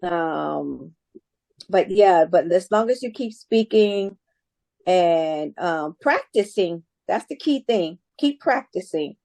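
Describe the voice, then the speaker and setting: A woman's voice: on the low side, lively intonation, slow pace, creaky, mellow, no echo. A woman English teacher answering students' questions in a classroom, talking casually and encouragingly with many restarts.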